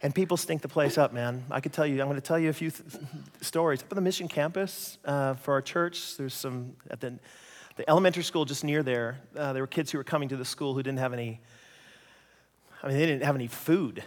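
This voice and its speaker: A Canadian man preaching a sermon, an animated storyteller who acts out voices and jokes at his own expense. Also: mid-range voice, brisk, long reverb tail. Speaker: pastor.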